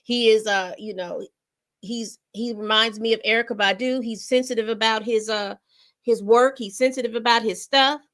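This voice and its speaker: A woman's voice: on the high side, steady tone, normal speed, fairly bright tone. Chatty woman commenting on a recording. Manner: chatty, addresses viewers directly. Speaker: entertainment commentary host. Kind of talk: casual commentary.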